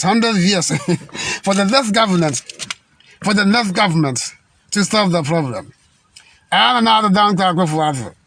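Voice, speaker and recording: A man from Ghana, delivering an indignant political rant full of halting restarts and repetition. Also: high voice, fairly bright tone, no echo. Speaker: political commentator.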